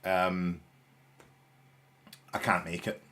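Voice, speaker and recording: A man's voice: low-pitched, little pitch movement, drawn-out words, bright, forceful tone. A young man hosting a live stream in casual chat, with dry, sarcastic humour and a rambling way of talking. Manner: rambling, with frequent restarts and fillers.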